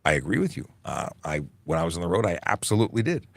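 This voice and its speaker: Fast-talking and sing-song, a Canadian police constable with a low, gravelly voice hosts a casual livestream Q&A. He's chatty and jokey, reading viewer comments aloud with many fillers. The recording is dry.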